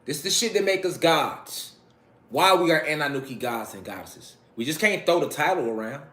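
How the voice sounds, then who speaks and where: A man's voice: on the high side, animated, moderate pace, fairly bright tone. A man giving a casual spiritual lecture, preaching to his listeners, repeating phrases and calling them family. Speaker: spiritual talk host.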